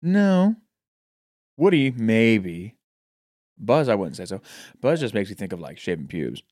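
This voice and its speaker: A man's voice: fairly low pitch, big pitch swings, a little slow, a little mellow, dry recording, clean studio sound. A man co-hosting a podcast in casual chat, joking and swearing freely through playful banter. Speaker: podcast co-host.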